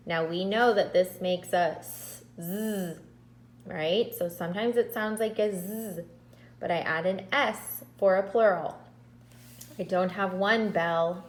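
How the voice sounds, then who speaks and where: Slow, patient woman teaching kindergarten. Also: lowish voice, fairly even intonation, echoey room, a little hiss or hum, rough recording. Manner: slow, patient, drawn-out syllables. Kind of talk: recorded remote lesson to children.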